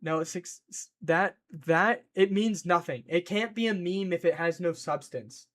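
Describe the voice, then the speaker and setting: An excitable man rambles through a casual stream, jumping from topic to topic and reacting to his chat. His voice sits a little high for a man, and his delivery is loose and scattered as he talks. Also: unhurried.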